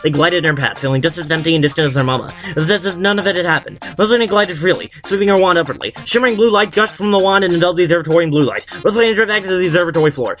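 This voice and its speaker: A man's voice: fairly high pitch, fairly bright tone. A man reading a fan story aloud, stumbling over words and restarting again and again, with self-mocking asides. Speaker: fan fiction reader.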